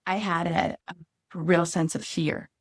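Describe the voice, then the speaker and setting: Woman co-host, lowish voice, dry close sound, candid heartfelt chat, emotional and searching. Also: level tone, unhurried, no room sound. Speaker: podcast co-host.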